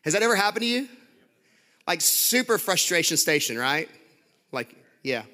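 A man's voice: a little high, normal speed. A man preaching a sermon, telling a story with lots of laughs, fillers and restarts. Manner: animated, laughing often, many restarts and fillers.

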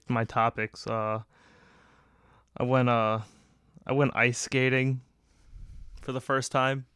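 A man's voice: medium pitch, fairly bright tone, smooth, dry recording. Rambling, profane man, dry close sound. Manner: rambling, profane, laughs often. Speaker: podcast host. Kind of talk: casual solo podcast monologue.

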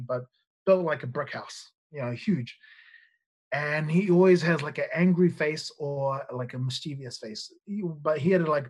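A man, a nightclub bouncer guesting on a podcast and telling stories in a loose, rambling way, swearing often and restarting his sentences. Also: mid-range voice. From New Zealand. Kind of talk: casual storytelling.

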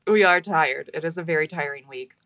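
A woman hosts a casual podcast with a slightly low voice. She is supportive, laughs easily and swears now and then. The recording is dry and close. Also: brisk, fairly bright tone, no echo, highs cut off. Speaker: podcast host.

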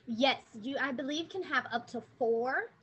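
Chatty woman guest, high bright voice, lots of ums and likes. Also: moderate pace, a little hiss or hum, rough recording. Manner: chatty, rambling with frequent fillers and laughs. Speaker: guest, online preschool owner. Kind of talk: casual interview chat.

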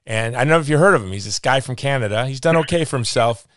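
A man's voice: medium pitch, expressive, fast talker, a bit bright, a little hiss or hum. Chatty man hosting an interview. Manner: chatty storyteller, joking asides. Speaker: host. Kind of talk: casual interview chat.

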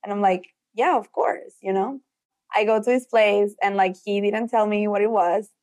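A young woman from Mexico who speaks Spanish natively, a guest telling stories in a casual interview, animated and acting out the quotes. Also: mid-range voice, moderate pace. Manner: animated, acts out quotes, filler "like". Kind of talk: casual storytelling in conversation.

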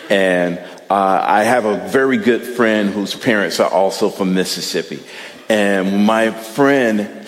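A man with a Midwestern US accent preaching a sermon as pastor, in a relaxed, conversational way with frequent fillers and repeated words. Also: on the low side, in a large hall.

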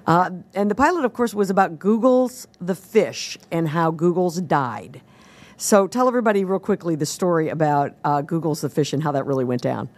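A woman's voice: on the low side, lively intonation, moderate pace, a little mellow. A woman hosting a casual interview show, prompting her guest to tell stories. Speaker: host.

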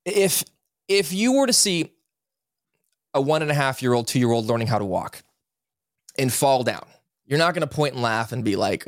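Podcast guest in his thirties, earnest and lively, mid-pitched voice, dry studio sound. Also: normal speed, no room sound. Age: 30s. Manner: earnest, animated, acts out quotes. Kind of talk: candid interview storytelling.

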